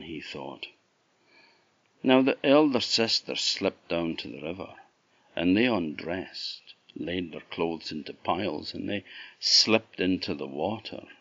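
A man from Orkney with an Orkney Scottish accent, telling a folktale in an unhurried, expressive way. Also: low-pitched, lo-fi sound. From Orkney, Scotland. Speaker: storyteller. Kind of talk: oral folktale storytelling.

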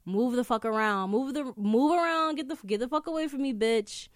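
A young adult woman hosting a podcast, telling stories in casual chat, animated and swearing freely. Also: on the high side, normal speed, no echo, clean studio sound. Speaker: podcast host. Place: indoor room.

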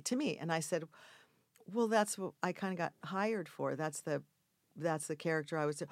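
An older woman telling a casual anecdote in an interview, acting out the quoted voices with sudden loud, high outbursts. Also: normal speed, no echo, clean studio sound. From Mexico. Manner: animated storyteller acting out quoted lines with big jumps in pitch and volume. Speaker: actress guest telling a story.

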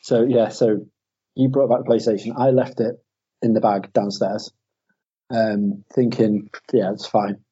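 A man's voice: fairly low pitch, little pitch movement, measured pace, dark tone, slightly rough. A tired man co-hosting a podcast, telling stories casually with frequent laughs. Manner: laughing, storytelling, self-deprecating. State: tired from lack of sleep. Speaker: podcast co-host. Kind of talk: casual chat. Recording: dull lo-fi sound.

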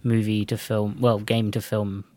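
A man's voice: lowish voice, monotone, a little slow, warm tone, no echo, studio quality. A man co-hosting a podcast in casual chat, rambling, restarting his sentences and laughing often. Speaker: podcast co-host.

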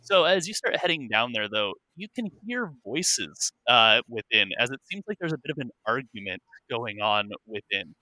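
A man's voice: mid-range voice, sing-song, moderate pace, few pauses, bright, forceful tone, dry recording. A man narrating a tabletop game as game master, rambling with many fillers and self-corrections.

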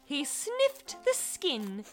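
Expressive woman reading a children's story. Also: sits high, very slow, soft background music. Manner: expressive, sound-effect words. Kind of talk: children's story read-aloud.

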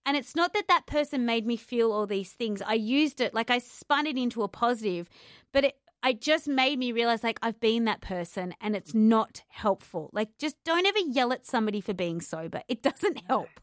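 High-voiced woman telling lively stories. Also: moderate pace, no echo, clean studio sound. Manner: lively storyteller who acts out quotes and laughs. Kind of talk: casual podcast chat.

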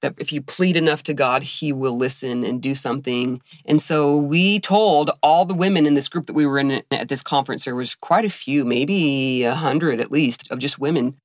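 A woman's voice: a bass voice, moderate pace, hardly any pauses, dry recording, studio quality. A woman co-hosting a casual podcast, telling a personal story and acting out the quoted voices. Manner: animated, acts out quoted dialogue. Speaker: podcast co-host.

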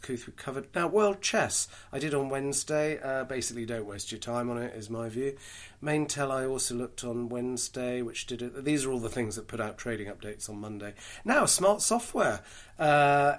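A man's voice: medium pitch, moderate pace. A British man hosting a solo podcast, giving chatty, frank market commentary full of dry asides and fillers. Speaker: podcast host.

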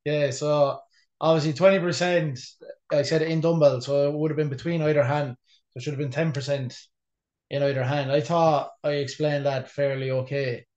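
A man's voice: on the high side, fairly even intonation, normal speed, darkish tone, dull audio. A man co-hosting a podcast, chatting casually in a bedroom with sweary, laughing banter. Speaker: podcast co-host and personal trainer. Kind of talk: casual chat.

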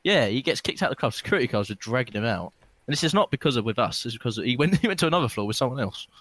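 In a dry recording, a young man races through a laughing, rambling story for his friends, pub-style, while drinking. His casual storytelling is slangy, with lively ups and downs in pitch.

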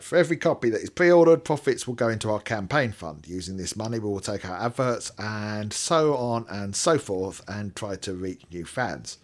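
A British man in his fifties hosting a podcast, rambling and self-mocking, breaking into asides while reading aloud. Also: lowish voice. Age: 50s. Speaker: podcast host. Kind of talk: casual chat.

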